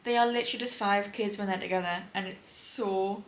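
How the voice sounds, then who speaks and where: A woman's voice: medium pitch, fairly even intonation, fairly quick, poor audio. A young woman chatting casually about her reading at home, laughing often and sounding tired. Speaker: book vlogger. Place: home indoors.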